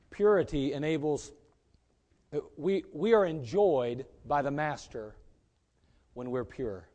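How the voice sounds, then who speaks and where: A man preaching a sermon as pastor, emphatic and rising to loud peaks. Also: on the high side.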